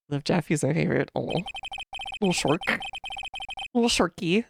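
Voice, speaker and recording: A woman's voice: deep voice, expressive, normal speed, creaky, pauses often, over music. A young woman chatting casually while playing a game, rambling with lots of fillers. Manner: rambling, many fillers and restarts, giggly.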